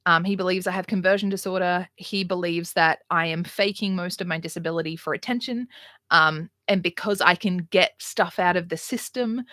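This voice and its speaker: A woman's voice: on the low side, steady tone, moderate pace, bright, forceful tone, dry recording, clean studio sound. A young adult woman, hosting a casual livestream and talking bluntly and candidly, with sarcasm and swearing. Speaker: livestream host.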